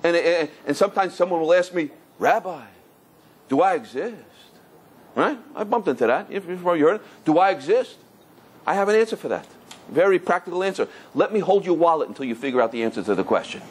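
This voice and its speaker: A middle-aged man, a rabbi, giving a Torah lecture in an animated storytelling manner full of repetitions. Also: fairly high pitch, fast talker, breathy edge.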